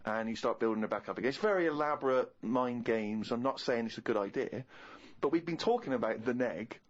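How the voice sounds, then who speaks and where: Fast-talking Englishman telling anecdotes. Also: medium pitch, muffled recording. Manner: animated, rapid anecdotal delivery. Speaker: co-host. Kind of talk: comic storytelling on a podcast.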